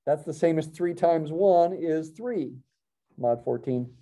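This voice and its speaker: Middle-aged male math professor, very dark mellow tone, lecture delivery, corrects himself as he goes. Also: on the high side, slow. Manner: thinking aloud, self-correcting, wry asides. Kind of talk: classroom lecture.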